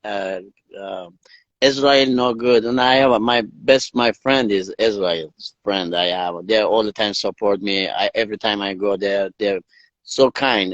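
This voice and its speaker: A man's voice: medium pitch, dry recording. Persian-accented guy, choppy english, medium voice, muffled dry livestream sound. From northern Iran. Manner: broken English, animated storytelling. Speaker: guest, endurance athlete. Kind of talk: casual interview storytelling. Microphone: video call.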